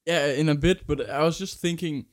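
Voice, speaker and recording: A man's voice: on the high side, brisk. A man hosting a casual chat with his older brother, mostly giving short prompts and replies. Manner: brief prompting interjections. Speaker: podcast host, younger brother.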